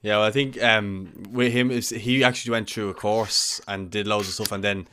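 Guy with a lowish smooth voice, chatty, gossiping with a chuckle. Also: fairly even intonation, moderate pace, pushed and bright. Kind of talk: casual chat.

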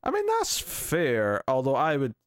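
Man, podcast co-host, casual movie talk, laughs a lot, average pitch. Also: wildly swooping pitch, a little slow, dry recording. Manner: chatty, laughs often, frequent restarts. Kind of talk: casual movie review chat.

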